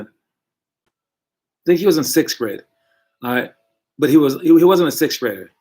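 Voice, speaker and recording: Casual, encouraging male youth coach. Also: mid-range voice. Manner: casual, encouraging, self-correcting. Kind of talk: motivational talk to young players.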